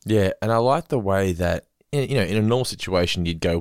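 A man's voice: sits low, a little fast, few pauses, no room sound, studio quality. A young man co-hosting a podcast, rambling casually about an episode with many fillers. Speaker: podcast co-host. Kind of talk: casual chat reviewing an episode.

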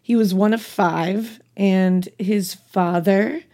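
Hoarse woman, lots of fry, darkish voice, chatty true crime cohost who swears a lot. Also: mid-range voice, steady tone, slow pace, mellow. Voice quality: vocal fry. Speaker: podcast co-host. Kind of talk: casual true-crime chat.

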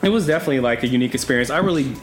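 A man's voice: mid-range voice, lively intonation, racing, music in the background. A man in his thirties, a podcast guest, talking candidly and laughing often, swearing freely. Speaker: podcast guest, former reality show contestant. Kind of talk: casual chat.

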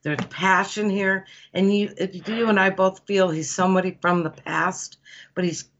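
A woman's voice: mid-range voice, fairly even intonation, moderate pace, fairly bright tone, slight background noise. A woman giving psychic card readings to callers on a radio show, chatty and searching for her words. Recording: dull lo-fi radio audio.

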